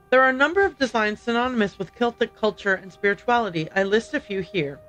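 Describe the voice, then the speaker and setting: Bright-voiced woman streamer. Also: fairly high pitch, fast talker, lo-fi sound, faint music behind. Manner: chatty, laughs often, reacts aloud, reads on-screen text. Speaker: game streamer. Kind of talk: casual let's-play commentary.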